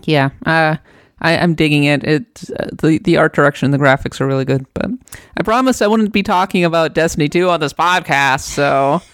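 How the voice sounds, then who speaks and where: A woman from Minnesota co-hosting a casual podcast, reading out a listener letter with lively enthusiasm. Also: low-pitched, a little fast, smooth, dry recording, studio quality. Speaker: podcast co-host.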